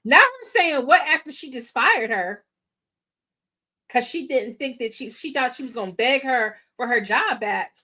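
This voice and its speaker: Bright high-voiced woman reacting to a film. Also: expressive, measured pace. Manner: playful and exclaiming, using slang, talking to viewers. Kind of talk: casual movie reaction commentary.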